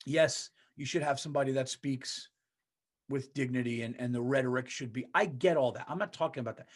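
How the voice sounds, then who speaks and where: A man's voice: mid-range voice, fairly quick. A man hosting a comedy podcast, ranting in a casual, emphatic monologue full of swearing. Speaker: podcast host.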